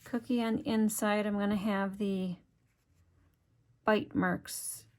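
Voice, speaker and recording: A woman's voice: mid-range voice, steady tone, slow. A woman leads a hands-on craft tutorial. She talks in a chatty, step-by-step way and thinks aloud as she works. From Wisconsin, USA. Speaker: craft demonstrator.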